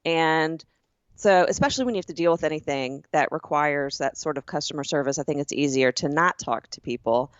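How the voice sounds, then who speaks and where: A woman from the southern United States co-hosting a casual podcast chat, telling stories with lively acted-out quotes. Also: deep voice, fairly quick, no echo, muffled recording. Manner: animated storyteller who acts out quoted people. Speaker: podcast co-host.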